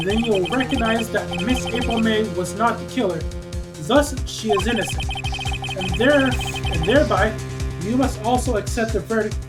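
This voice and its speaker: A woman's voice: on the high side, close to an everyday voice. A woman doing a cold formal prosecutor.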